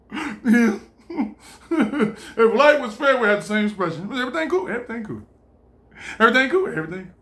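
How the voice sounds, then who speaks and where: A man giving an animated, preachy motivational monologue, laughing often and swearing freely. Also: sits high, creaky. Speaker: vlogger.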